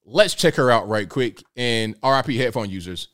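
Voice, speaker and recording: A man's voice: mid-range voice, expressive, moderate pace, a bit bright. Joking man hosting a live reaction show. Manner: joking, slangy, laughs often. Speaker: host.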